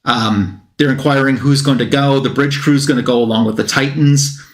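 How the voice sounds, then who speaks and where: A man's voice: mid-range voice, moderate pace, roomy sound. A man on a comic book talk show retelling a plot in a casual, rambling way, with fillers and quotes that he acts out.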